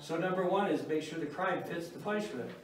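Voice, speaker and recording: A man's voice: on the high side, expressive, fairly quick. An older man teaching a church class on parenting, folksy and wry, chuckling at his own stories. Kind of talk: informal church class talk. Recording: echoey room, mic far off.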